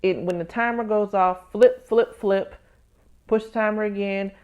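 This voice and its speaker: Candid, animated woman podcast host. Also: mid-range voice, measured pace, dull audio. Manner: candid, animated storytelling with acted-out inner voices; addresses listeners as "baby" and "y'all". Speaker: podcast host, tax professional. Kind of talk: casual personal podcast talk.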